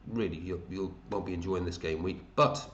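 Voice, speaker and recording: Chatty deep-voiced man, echoey room. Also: moderate pace, a bit bright, dull audio. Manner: chatty, matey, thinks aloud, hums to himself. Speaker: fantasy football league host. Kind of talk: casual commentary over a screen.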